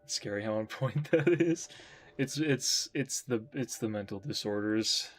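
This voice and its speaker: A man's voice: on the low side, a little slow, faint music behind. A man chatting casually while drawing on stream, rambling and joking about himself. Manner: rambling, jokey, self-mocking.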